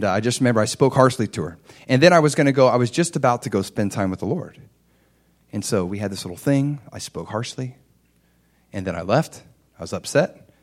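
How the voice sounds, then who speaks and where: Middle-aged man preaching in a conversational way. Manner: conversational preaching, telling a personal story; rises in pitch and loudness for emphasis. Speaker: pastor. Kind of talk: sermon.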